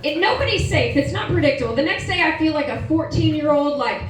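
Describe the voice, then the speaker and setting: A woman's voice: sits high, lively intonation, quick pace. A woman in her forties doing a brash, profane stand-up set and chatting with the crowd, recorded live on a comedy club stage. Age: 40s. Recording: roomy live venue, distant mic, audience laughter.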